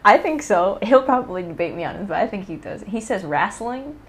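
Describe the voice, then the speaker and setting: A woman's voice: mid-range voice, animated, fast talker. A woman co-hosting and editing a podcast, chatting casually, laughing often and swearing offhandedly. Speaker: podcast co-host and editor. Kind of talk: casual chat.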